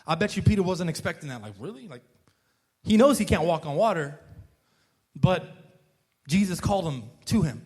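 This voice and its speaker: High-voiced man preaching casually. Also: lively intonation, normal speed, long pauses, darkish tone, breathy edge. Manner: earnest, peppers talk with "man" and "right?", frequent restarts. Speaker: pastor. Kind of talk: casual conversational sermon.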